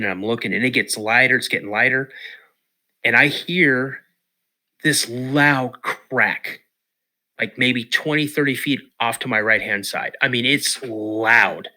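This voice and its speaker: A man from Washington state, a podcast guest telling a story in an animated way, acting out quotes and repeating words. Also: mid-range voice. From Washington state, USA.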